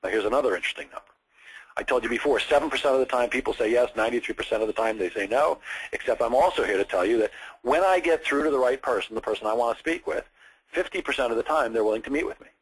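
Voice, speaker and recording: Husky-voiced male sales coach. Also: mid-range voice, fast talker, poor audio. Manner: direct, explains step by step with examples. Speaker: sales trainer. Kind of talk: coaching session on phone scripts.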